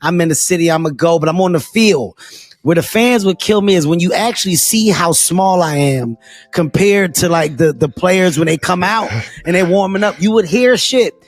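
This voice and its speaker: A man in casual comedic chat, animated and loudly mimicking heckles. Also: high voice, normal speed, faint music behind. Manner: animated, yelling mock heckles. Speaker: podcast guest.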